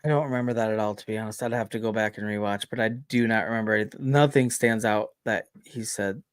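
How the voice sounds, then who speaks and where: A man's voice: on the low side, fairly even intonation, fast, clean tone, no room sound, clean studio sound. A man co-hosting a podcast in casual chat, teasing and cursing with frequent laughter. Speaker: podcast co-host. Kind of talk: casual late-night chat.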